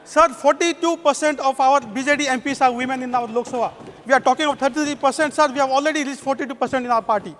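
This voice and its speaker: A man's voice: extremely high pitch, quick pace, a bit bright. An Indian English-speaking man giving a formal parliamentary speech as a member of parliament, constantly addressing the chair as sir. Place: parliament chamber. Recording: long echo of a large chamber.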